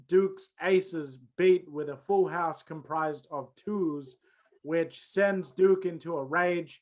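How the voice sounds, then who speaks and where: A man co-hosting a podcast, recapping and grading segments in a measured, upbeat way. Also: fairly high pitch. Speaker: podcast co-host. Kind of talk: casual wrestling review chat.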